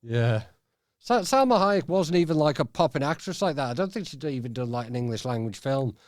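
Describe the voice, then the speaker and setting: A man's voice: medium pitch, sing-song, brisk, no echo. A man hosting a podcast in a studio, chatting casually with a rambling, sweary delivery full of fillers. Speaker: podcast host. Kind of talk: casual chat.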